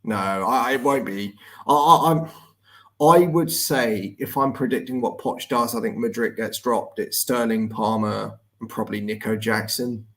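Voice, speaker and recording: A man's voice: fairly low pitch, unhurried, fairly bright tone. A man co-hosting a casual football chat on a live stream, conversational and often repeating words as he starts a thought.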